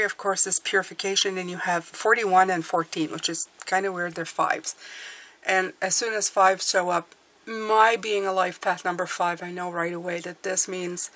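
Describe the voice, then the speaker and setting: A woman's voice: medium pitch, fairly bright tone. A middle-aged woman giving a casual, reassuring tarot reading, chatty, with many fillers and restarts. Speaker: tarot reader.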